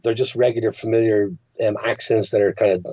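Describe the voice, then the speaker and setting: A man's voice: on the low side, little pitch movement, fairly quick, darkish tone, no echo. A man with a Dublin Irish accent, a filmmaker speaking as a podcast guest, thinking aloud and often restarting his sentences. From Ireland. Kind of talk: casual podcast conversation. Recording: dull, muffled podcast audio.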